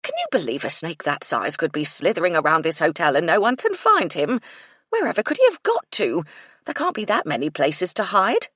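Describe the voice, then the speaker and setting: A woman voicing an excitable, gossipy cook who talks eagerly. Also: on the low side, fairly quick, breathy edge, no echo, clean studio sound, full character voice. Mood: excited.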